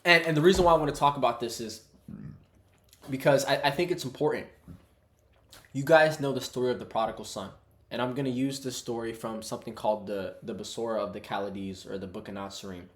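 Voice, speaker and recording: A man's voice: mid-range voice, steady tone, a little fast, a bit bright. Man preaching casually in an echoey room. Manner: conversational, calls viewers "bro". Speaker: online Bible teacher.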